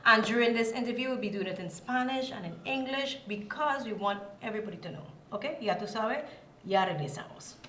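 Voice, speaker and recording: A woman's voice: fairly high pitch, a little fast, echoey room. A woman hosting an interview in a chatty, casual way, switching between English and Spanish. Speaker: talk show host. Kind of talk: casual bilingual interview intro.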